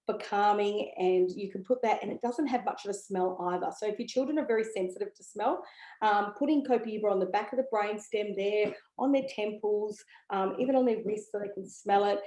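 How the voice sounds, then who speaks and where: Woman, warm mellow tone, chatty, enthusiastic, fillers and okays, echoey room. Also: medium pitch. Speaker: essential oil educator. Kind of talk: casual product talk to camera.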